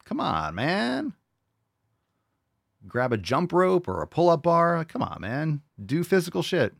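A man's voice: on the high side, huge pitch swings, measured pace, gravelly, no room sound, clean studio sound. A man hosting a podcast and answering listener questions in casual chat, blunt and profane, mocking with disbelief. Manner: blunt, profane, mock-incredulous.

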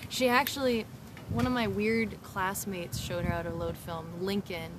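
A woman's voice: medium pitch, fairly even intonation, normal speed, background noise. A woman director and producer, a guest in a casual chat, talking frankly and animatedly, laughing often and swearing freely.

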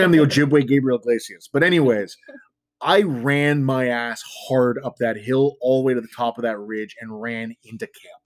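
A man's voice: medium pitch, dry recording. Male storyteller, casual and self-deprecating, loose filler-heavy delivery, dry close-miked sound. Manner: rambling, filler-heavy with frequent "like". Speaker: storyteller guest.

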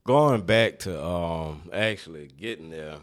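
Podcast guest from New Orleans, easygoing storyteller with a lively, swinging voice and a New Orleans accent, laughs a lot. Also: male voice, sits low, unhurried. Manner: laid-back, laughs often, lively delivery. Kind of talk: casual storytelling.

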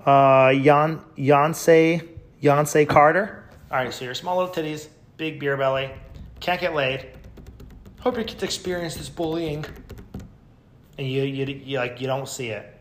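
A man's voice: mid-range voice, steady tone, a little slow, slight background noise. Sarcastic man mocking tweets aloud. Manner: sarcastic, mocking, swings into loud yells. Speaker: podcast host. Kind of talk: casual commentary reading tweets.

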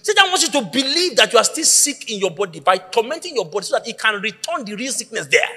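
Man, pastor preaching, high voice, bright tone, long hall reverb. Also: fast talker, husky. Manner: animated storytelling, acting out voices, shouting at peaks. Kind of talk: sermon.

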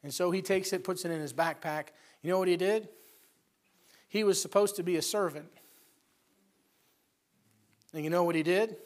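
A man preaching a sermon in a folksy, conversational way, retelling stories with lively acted-out voices. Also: high-pitched, moderate pace, pauses often. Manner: animated storytelling, acting out characters' voices.

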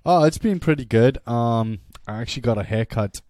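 A man's voice: mid-range voice, expressive, moderate pace, dark tone, no room sound, studio quality. A young man co-hosting a casual podcast, joking, boastful and crude, often laughing. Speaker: podcast co-host.

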